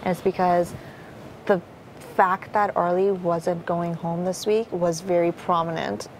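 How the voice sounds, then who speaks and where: A woman's voice: lowish voice, flat delivery, measured pace, slight background noise, rough recording. A young woman talking strategy in a casual, rambling way, full of fillers and swearing. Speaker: reality show contestant.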